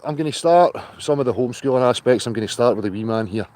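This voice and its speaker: A man's voice: mid-range voice, quick pace, a little mellow. A man hosting a casual livestream outdoors, chatty and loose, swearing now and then. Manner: chatty, greets viewers by name, swears in asides. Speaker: livestream host.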